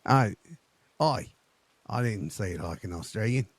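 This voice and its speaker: A man's voice: on the low side, expressive, unhurried, no echo. A man, talking in a drawling, teasing way as a roleplay character. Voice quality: gravelly, husky.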